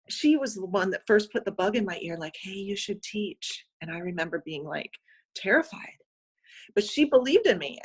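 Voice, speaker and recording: A woman's voice: medium pitch, pushed and bright, breathy edge. A woman guest in an interview, speaking from the heart with many fillers and close to tears. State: close to crying. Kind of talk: emotional personal interview.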